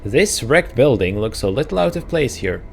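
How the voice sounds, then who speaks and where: A man's voice: mid-range voice, very animated, moderate pace, gravelly, soft background music. A man hosting a let's play, musing and hesitant as he thinks aloud through casual gameplay commentary.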